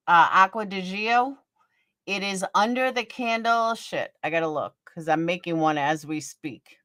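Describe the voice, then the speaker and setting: Blunt low-voiced woman livestreamer. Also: fairly bright tone, smooth, no room sound, clean studio sound. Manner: blunt and profane, gossipy, chats with viewers by name. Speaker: livestream host. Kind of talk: casual livestream chat reading viewer comments.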